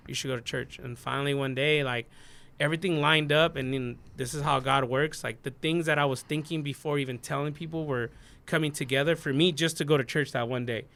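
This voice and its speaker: 30s dude on a podcast, gravelly kinda high voice, rambly and earnest, lots of "like". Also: male voice, fairly bright tone. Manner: earnest, rambling, heavy on "like" and "you know what I mean". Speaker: DJ guest on a podcast. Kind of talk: casual storytelling interview.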